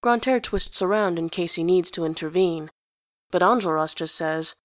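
A woman's voice: on the low side, normal speed, fairly bright tone, no echo. Woman reading a story aloud, dry and close. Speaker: reader.

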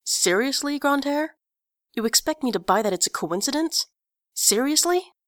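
A woman's voice: medium pitch, animated, fairly quick, dry recording, studio quality, close to an everyday voice. A woman voicing an intense, righteous young male activist with a cold, clipped, staccato delivery. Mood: angry.

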